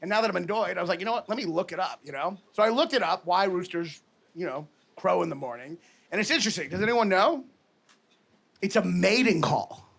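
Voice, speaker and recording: A man doing a stand-up comedy set on stage, telling stories with punchy, exaggerated asides, recorded live with loud audience laughter. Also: high voice, animated, fairly quick, creaky.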